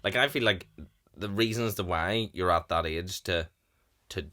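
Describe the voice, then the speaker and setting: A man's voice: sits low, measured pace, bright, forceful tone. A young man in his twenties hosting a podcast, chatting casually, laughing often and acting out what others said. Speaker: podcast host. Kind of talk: casual chat.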